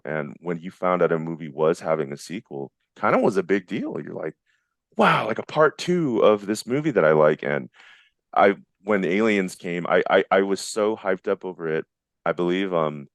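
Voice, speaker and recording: Low-voiced enthusiastic man, rambling. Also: no echo, clean studio sound. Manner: rambling, enthusiastic, many restarts. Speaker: guest, visual effects artist. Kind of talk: casual interview chat.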